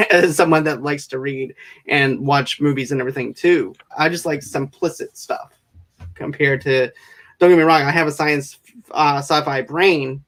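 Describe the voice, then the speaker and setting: Eager, fairly high-voiced male show host. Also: a bit bright. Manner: eager, rambling, quick bursts. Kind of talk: casual interview chat.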